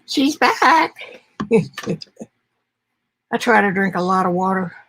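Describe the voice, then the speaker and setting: A woman's voice: medium pitch, fairly even intonation, unhurried, fairly bright tone. A woman with an Arkansas accent hosting a live art stream from her home studio, chatting casually and poking fun at herself while she works. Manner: chatty, self-deprecating, talks while working. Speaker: art livestream host. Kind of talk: casual livestream chat.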